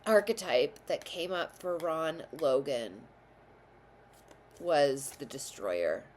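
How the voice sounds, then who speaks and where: A woman with a fairly low voice reads tarot for her viewers, and she has the hiccups. She speaks very slowly, wandering and correcting herself as she goes. A faint noise hums under her voice. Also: animated. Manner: meandering, hesitant and self-correcting. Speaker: tarot reader and channel host. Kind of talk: casual tarot reading to camera.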